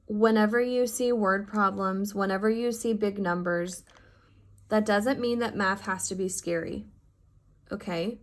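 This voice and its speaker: A woman teacher speaks to her fifth graders in a recorded lesson, open and affectionate. Her voice sits at an ordinary middle pitch, and she keeps an upbeat, encouraging tone as she walks them through the math. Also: steady tone, unhurried, pauses often. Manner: heartfelt and affectionate with her students. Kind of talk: recorded remote class lesson.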